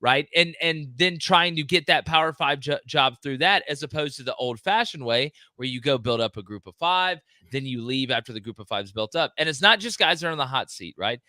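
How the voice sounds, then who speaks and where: A man co-hosting a casual sports talk show, animated and given to mocking asides. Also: mid-range voice, fairly quick, few pauses, dry recording, studio quality. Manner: animated, mocking quoted voices, laughing asides. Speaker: podcast co-host.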